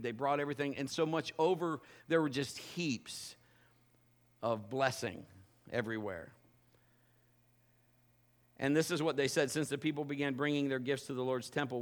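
A man preaching a sermon from a church stage, telling a teasing, animated story and joking with the people he calls up. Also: mid-range voice. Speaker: pastor. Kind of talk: sermon with a live demonstration. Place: church stage before a congregation.

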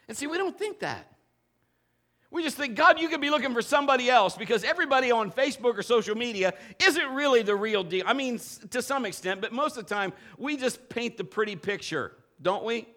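High-pitched male preacher with a bright edge; excitable participation sermon to a live church. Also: moderate pace. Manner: animated participation preaching, urging the congregation. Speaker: pastor. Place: church sanctuary with a congregation.

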